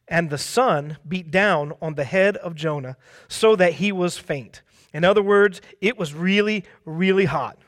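High-voiced man preaching. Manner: conversational, tags lines with "right?"; acts out quoted speech. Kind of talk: sermon.

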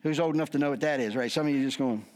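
Racing along at medium pitch, a middle-aged man preaches as a pastor, keeping things lively with jokes and acted-out voices for the people he quotes.

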